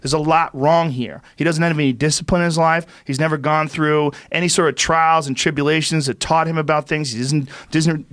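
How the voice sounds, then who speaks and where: Middle-aged man, podcast host; animated, profane storyteller, dead-dry studio sound. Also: fairly high pitch, dry recording. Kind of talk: casual storytelling conversation.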